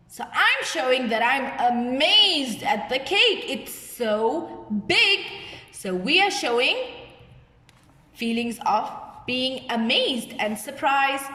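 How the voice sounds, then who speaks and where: A woman teaching a kindergarten lesson, speaking slowly and acting out example sentences with big feeling. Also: high-pitched, sing-song, sharp tone, echoey room, big-room sound. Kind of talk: recorded classroom lesson for young children.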